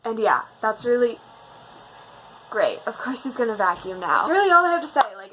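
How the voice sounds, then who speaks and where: Young woman vlogging at home, excitable and rambly, with a light hiss behind her. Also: medium pitch, poor audio. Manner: gushing, animated, rambling with fillers. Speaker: book video host. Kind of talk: casual movie ranking chat.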